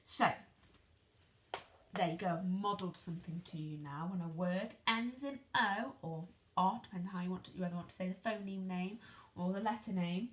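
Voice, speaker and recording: A woman teaching an online phonics lesson to young children, speaking slowly and clearly, asking questions and spelling words out letter by letter. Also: fairly low pitch. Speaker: primary school teacher.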